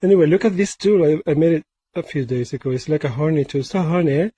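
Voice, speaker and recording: A man's voice: on the high side, fast, warm tone, breathy edge, dry recording. A man sculpting a mask and chatting casually in a playful, rambling way, often repeating words in a sing-song. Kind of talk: casual workshop vlog.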